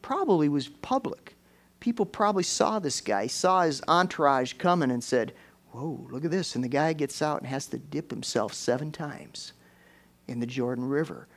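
A man's voice: on the high side, lively intonation, moderate pace. Folksy man preaching a sermon. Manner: folksy, conversational, with repeated "you know" and rising exclamations.

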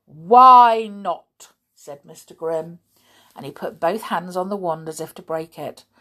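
A woman in her thirties reading a children's story aloud, gentle and chatty, talking directly to her listeners. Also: sits low, steady tone, moderate pace.

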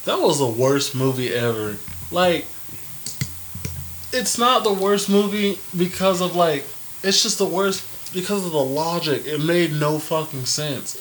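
A man's voice: on the high side, a little slow, a little hiss or hum. A young man co-hosting a casual podcast, talking with a lot of swearing and acting out quotes. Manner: profane, animated, acts out quotes. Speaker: podcast co-host. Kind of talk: casual chat.

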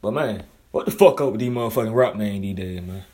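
A young man from Alabama with a Southern accent, freestyling casual, profane commentary, swinging between loud outbursts and low mutters and repeating himself. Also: quick pace, few pauses. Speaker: vlogger commenting on news.

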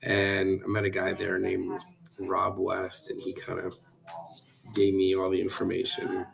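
A man telling his life story as a podcast guest, in a relaxed, rambling way full of likes and restarts. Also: low-pitched, unhurried, creaky, a crowd in the background. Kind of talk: casual storytelling. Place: coffee shop.

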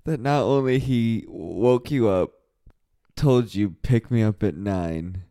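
A man's voice: on the low side, takes it slowly, warm tone, dry recording, studio quality. A young man co-hosting a podcast, riffing on crude jokes in casual chat and laughing often. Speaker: podcast co-host.

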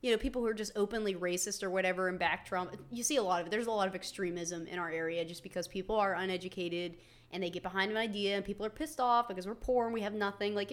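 A young woman from West Virginia rattles off her opinions at a quick clip. She is blunt and profane, ranting with heat in a casual conversation, her voice sitting in an ordinary middle range. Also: medium pitch. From West Virginia, USA. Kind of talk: casual political chat.

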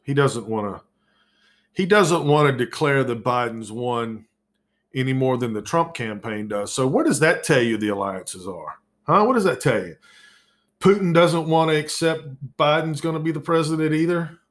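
A man with a medium-pitched voice and lively intonation hosts his own podcast, ranting about the news at a moderate pace. Over-caffeinated, he swears, drips sarcasm, and breaks into loud exasperated outbursts.

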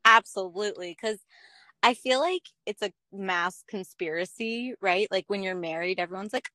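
A young adult woman chatting casually as a podcast guest, telling stories with animated energy. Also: medium pitch, moderate pace, no echo. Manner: animated storyteller, acts out quotes. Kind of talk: casual chat.

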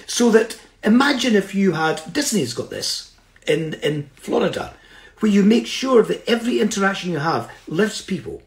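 A middle-aged man giving a personal storytelling talk in an earnest, reflective way, checking in with his listeners as he goes. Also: high voice. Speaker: speaker. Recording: roomy echo.

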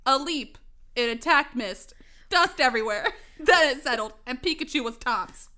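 A woman co-hosting a podcast, reading bad fan fiction aloud haltingly, stumbling over the grammar and breaking into giggling fits. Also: high-pitched, expressive, pushed and bright. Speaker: podcast co-host.

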